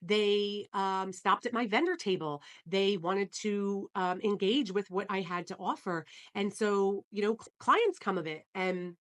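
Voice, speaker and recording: A woman's voice: mid-range voice, a little slow, hardly any pauses, a bit bright. A woman hosting a solo podcast, telling her story in an earnest, enthusiastic way with frequent fillers like "um" and "you know.". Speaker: podcast host.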